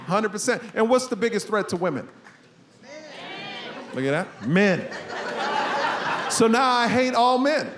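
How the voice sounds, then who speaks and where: A man in his forties performing a stand-up comedy set, telling stories with loud, animated punchlines. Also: sits high, unhurried, long pauses. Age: 40s. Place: stage before a live audience. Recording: live stand-up recording with audience noise.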